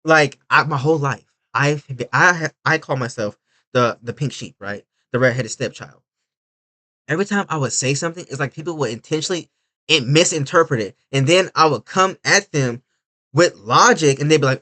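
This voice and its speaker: A man giving casual reaction commentary, animated, swinging from loud outbursts to low mutters. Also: brisk. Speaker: reaction video creator.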